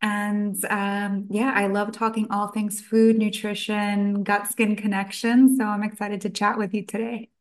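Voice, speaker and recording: A woman's voice: mid-range voice, little pitch movement, a little slow, hardly any pauses. Chatty woman nutritionist telling her story. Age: adult, past college. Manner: chatty storytelling with quoted asides. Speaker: nutritionist guest. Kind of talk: podcast interview.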